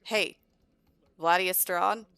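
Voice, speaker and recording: A woman's voice: fairly low pitch, fairly even intonation, very slow, vocal fry, fairly bright tone, smooth, dry recording, heavily acted. A woman voicing a protective young vampire father who firmly scolds an unwanted guest. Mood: angry. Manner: firm, exasperated scolding. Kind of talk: voicing game characters.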